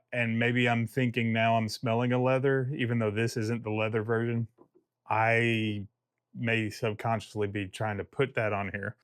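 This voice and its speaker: A man's voice: medium pitch, no room sound, studio quality. A man giving a casual video review of a fragrance, rambling and joking and often breaking off mid-thought. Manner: rambling, self-interrupting, jokey.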